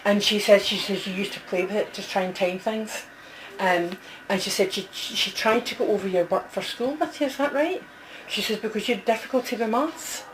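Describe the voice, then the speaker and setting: A woman's voice: medium pitch, a little fast, a little hiss or hum, poor audio. A woman giving a one-to-one reading as a medium, chatty, passing on messages and checking in often with the person she is reading for. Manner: chatty, relays messages, keeps checking with the sitter. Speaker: psychic medium.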